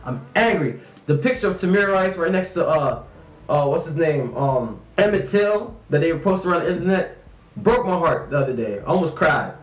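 This student activist is a man in his twenties from Raleigh, North Carolina, giving an interview in a slightly high, expressive voice at a moderate pace. He speaks candidly and emphatically, with frustration and passion running through his words. The room is echoey and the highs are cut off.

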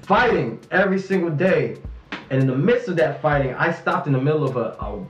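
A man's voice: fairly high pitch, lively intonation, a little fast, reverberant, muffled recording, faint music behind. A man in his twenties from North Carolina, speaking candidly and emphatically in an interview, frustration and passion running through his words. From Raleigh, North Carolina. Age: 20s. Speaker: interviewee, student activist.

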